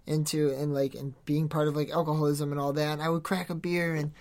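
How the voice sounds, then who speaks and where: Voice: mid-range voice, flat delivery, brisk, darkish tone. A podcast host preaching informally in an earnest, exhorting way, rambling with many restarts and self-corrections. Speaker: podcast host giving a devotional.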